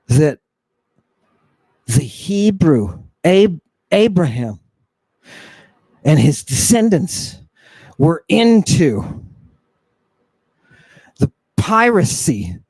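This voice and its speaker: Fiery male lecturer, high voice, unhurried delivery, provocative and full of rhetorical questions. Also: dark tone, no room sound. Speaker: host and lecturer. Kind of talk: impassioned lecture on ancient texts.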